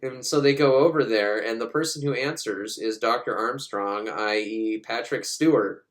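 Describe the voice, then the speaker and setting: A man sarcastically recapping a film in casual talk, swearing and jumping into voices of the characters. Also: mid-range voice. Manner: sarcastic, swearing, acts out lines in quick put-on voices. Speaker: movie recapper.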